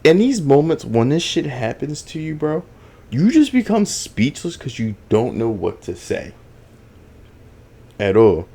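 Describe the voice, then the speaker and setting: A man hosting a podcast, telling a story in an animated, profane way with lots of fillers. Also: medium pitch, unhurried, husky. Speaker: podcast host. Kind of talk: casual storytelling.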